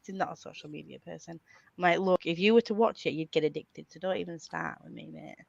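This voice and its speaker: Woman, low voice, dry and dull lo-fi sound, casual chat, laughs often. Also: fast talker, vocal fry, no echo. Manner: bubbly, swearing, laughs a lot. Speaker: host.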